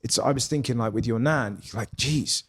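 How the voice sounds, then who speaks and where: A man's voice: medium pitch, normal speed, fairly bright tone, husky. A man, a guest comedian talking in a reflective, musing way that often trails off and restarts. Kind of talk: casual conversation.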